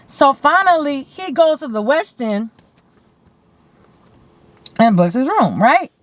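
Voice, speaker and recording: A woman from California telling a story to her camera in a blunt, animated way, swearing freely and saying "like" often. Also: sits high, slow pace, no echo. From San Bernardino, California. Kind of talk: casual storytime. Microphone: camera mic.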